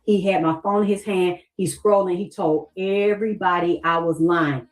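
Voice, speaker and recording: A woman's voice: on the low side, fairly even intonation, moderate pace, rough recording. A middle-aged woman talking straight to her viewers in a heated, profane livestream rant, acting out what others said to her.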